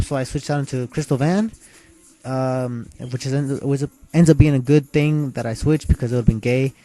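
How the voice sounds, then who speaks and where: A man's voice: mid-range voice, steady tone, normal speed, warm tone. A young man casually recapping a video game battle move by move in a laid-back, slangy way. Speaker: video game let's player. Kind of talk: casual gameplay recap commentary.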